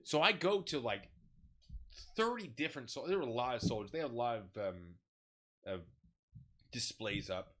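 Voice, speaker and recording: A man telling a story in a casual, animated way, laughing and swearing as he goes. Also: medium pitch, normal speed, pauses often.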